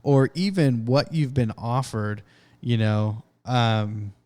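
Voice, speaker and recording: A man co-hosting a podcast, speaking in a relaxed, matter-of-fact way with many fillers in a casual chat. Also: medium pitch, takes it slowly. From California. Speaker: podcast co-host.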